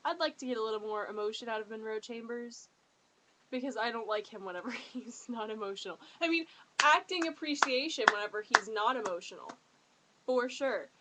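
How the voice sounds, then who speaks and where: A woman talking in a casual fan review vlog, excitable and gushing, rambling from one thought to the next. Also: a little high, fairly quick, noisy background.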